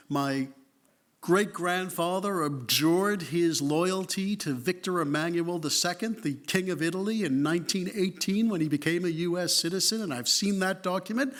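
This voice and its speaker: Boston guy in his 50s giving a lecture, bit high voice, dry and jokey, keeps restarting. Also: a bit bright. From Boston, United States. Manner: wry, self-deprecating, conversational with restarts. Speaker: guest lecturer, history professor. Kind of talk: public lecture to an audience.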